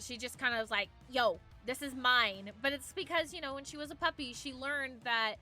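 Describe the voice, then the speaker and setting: A woman's voice: high-pitched, sharp tone. A young woman streaming from home, chatting casually and rambling as she reads viewer messages aloud, with faint music behind her. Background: faint background music.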